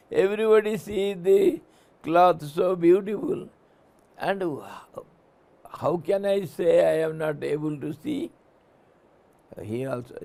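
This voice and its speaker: A man giving a spiritual discourse, telling a story slowly and laughing often. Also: on the high side, vocal fry. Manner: laughs often, slow, animated. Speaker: spiritual teacher.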